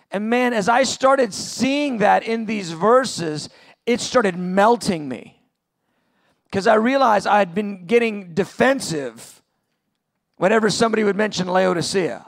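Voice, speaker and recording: Middle-aged male preacher, gravelly, earnest conference sermon. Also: high-pitched, expressive, unhurried, a bit bright. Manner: earnest, builds to impassioned peaks. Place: large venue, conference session.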